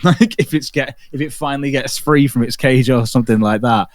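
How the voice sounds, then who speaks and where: A man hosting a livestream, telling stories in an animated, casual way with frequent swearing. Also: mid-range voice, brisk, few pauses, no room sound, clean studio sound. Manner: animated storytelling, swears freely, many restarts. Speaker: livestream host. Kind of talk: casual chat.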